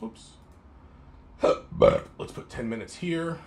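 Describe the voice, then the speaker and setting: A man streaming his guitar practice live, counting beats aloud in a slow sing-song and talking through how each run felt. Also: a little high, animated, a bit bright. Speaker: guitar teacher practicing on a livestream. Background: guitar playing.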